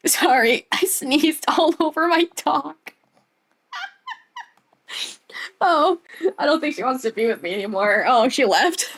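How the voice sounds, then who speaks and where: A woman's voice: sits high, slow, pauses often. A woman streaming a game, chatting casually, giggling often and talking to her dog.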